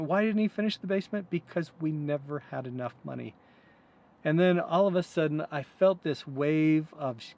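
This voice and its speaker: A man hosting a vlog, earnestly and reflectively telling a personal story with some hesitant fillers. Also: on the high side. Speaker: host.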